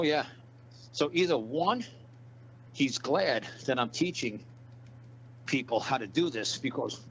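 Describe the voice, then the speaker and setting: Animated profane male storyteller, muffled. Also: mid-range voice, a little hiss or hum. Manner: animated, profane, acts out the people in his story. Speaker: guest. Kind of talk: casual storytelling.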